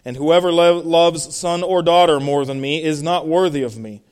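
A man's voice: fairly high pitch, moderate pace, darkish tone, clear, resonant tone. A middle-aged male pastor preaching a sermon, reading Bible verses aloud and explaining them, with emphatic stresses.

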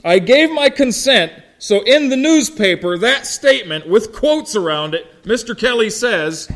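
Folksy pastor with a slow drawl. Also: male voice, sits high, lively intonation, fairly bright tone. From Ohio, United States. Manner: folksy storytelling, asks the congregation questions. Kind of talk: sermon.

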